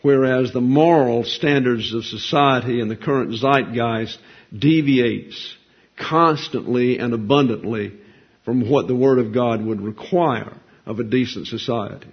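A man's voice: medium pitch, a little slow, husky. A man preaching a sermon in a folksy, conversational way, asking rhetorical questions and answering them. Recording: dull lo-fi recording.

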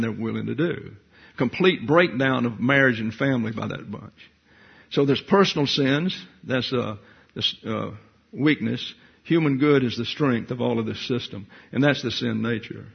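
Gravelly man teaching a Bible lecture. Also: medium pitch. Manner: digressive, wry asides, thinking aloud with fillers. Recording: dull lo-fi lecture recording.

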